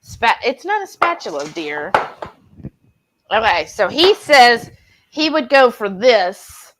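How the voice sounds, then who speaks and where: A woman's voice: fairly high pitch, very animated, slow pace, noisy background. A woman hosting a casual live-stream chat, reading out comments and telling stories with frequent laughter. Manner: giggly, chatty storyteller. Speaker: host.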